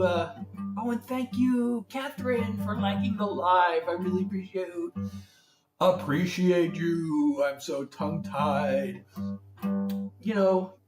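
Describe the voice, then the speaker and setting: A man's voice: high-pitched, far from the mic. A man hosting his own music livestream, chatting casually, greeting viewers by name and fumbling with the setup. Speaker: singer-songwriter hosting a livestream. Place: room at home lit by a ring light. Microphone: phone. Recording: echoey room, voice heard from off the mic.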